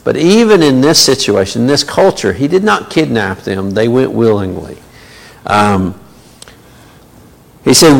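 A man's voice: medium pitch, animated, unhurried, creaky. A man teaching a Bible study in a conversational way, with many fillers and asides. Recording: long reverb of a large hall.

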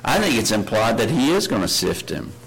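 A man's voice: lowish voice, very animated, brisk, a bit bright, rough recording. Earnest male preacher giving a sermon. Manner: earnest, asks the congregation many questions; reads scripture aloud with rising emphasis.

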